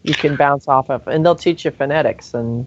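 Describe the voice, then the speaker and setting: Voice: mid-range voice, moderate pace, slight background noise. A panelist in a casual livestream chat who eggs the others on. The recording is dull and lo-fi. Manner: egging others on, chatty.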